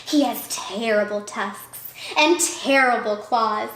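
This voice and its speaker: A woman's voice: fairly high pitch, slow pace, a bit bright. A woman voicing a clever little male mouse in a read-aloud picture book, boastful and theatrical. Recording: echoey room.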